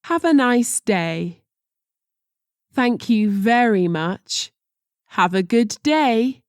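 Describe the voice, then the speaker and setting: Slow, careful woman reading phrases. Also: fairly high pitch, lively intonation, clean tone, no echo, studio quality. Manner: slow and deliberate, careful pronunciation. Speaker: language teacher.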